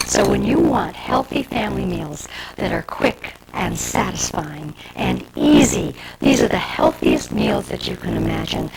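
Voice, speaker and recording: A woman's voice: low-pitched, vocal fry, heavy background noise. A woman from Michigan hosting a cooking show, demonstrating a dessert to camera in a chatty, homey way with asides to the viewer. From Michigan, USA.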